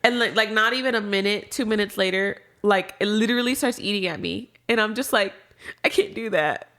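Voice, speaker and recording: A woman's voice: medium pitch, fairly quick, a bit bright. A young adult woman as a podcast guest, talking candidly and casually about grief, swearing freely and trailing off into restarts.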